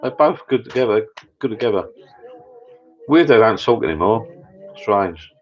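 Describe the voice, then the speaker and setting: A man's voice: fairly low pitch, expressive, normal speed. A man rambling in a casual live chat with viewers from his home bar room. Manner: rambling, chatty, many restarts. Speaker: channel host. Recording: dull lo-fi sound.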